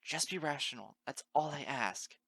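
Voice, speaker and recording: A man's voice: medium pitch, moderate pace, creaky, pushed and bright, husky, no room sound, pitched above the performer's own voice, heavily acted, low-quality recording. A man reading the part of an uptight, bookish young female pony librarian who scolds in a prim, exasperated way. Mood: scolding. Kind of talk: amateur audiobook reading.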